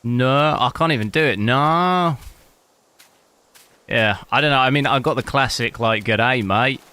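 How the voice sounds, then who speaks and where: Casting: English male streamer, bright voice, easy rambling chat to viewers. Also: mid-range voice, fast, no echo. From England. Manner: rambling, chatty, searches for words aloud. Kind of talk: casual live-stream chat while gaming.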